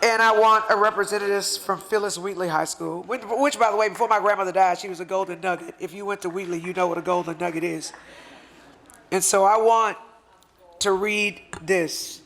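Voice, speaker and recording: A man's voice: sits high, steady tone, a little fast, a bit bright. A man giving an impassioned, emotional speech at a luncheon, speaking in a fervent, conversational way as he presents a certificate.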